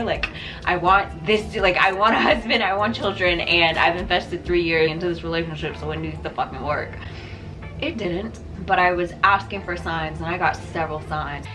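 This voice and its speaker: A woman's voice: on the low side, fairly even intonation, normal speed. Candid, profane woman in her twenties. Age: 20s. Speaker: vlogger. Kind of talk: confessional casual chat to camera. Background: background beat music.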